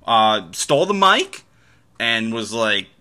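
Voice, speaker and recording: Podcast guy chatting about fights, super bright voice, rambly and swears a bit. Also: mid-range voice, big pitch swings, takes it slowly. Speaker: podcast host. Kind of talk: casual sports commentary.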